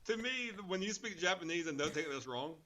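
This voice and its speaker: A man co-hosting a podcast tells a story in a relaxed, rambling way. His voice is bright and clear, and he swears as easily as he breathes. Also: a little high, a little fast. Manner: laid-back, profane storytelling. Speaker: podcast co-host. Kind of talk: casual chat.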